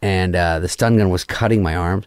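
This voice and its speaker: A man's voice: sits low, moderate pace, smooth, no room sound. A middle-aged man, a guest, telling a story in casual chat, swearing freely and acting out the lines of everyone in it. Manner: profane, animated, acts out quoted lines.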